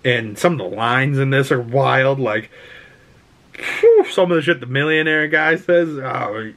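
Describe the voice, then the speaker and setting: Excitable, foul-mouthed man reviewing a movie. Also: medium pitch, normal speed. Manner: excitable, profane, rambling with many fillers. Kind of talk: casual vlog film review.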